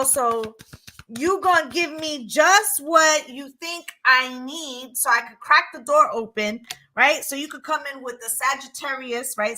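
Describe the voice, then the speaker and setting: Woman tarot reader, higher voice, emphatic, profane, keeps asking "right?". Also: sharp tone, rough recording. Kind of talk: casual spoken tarot reading.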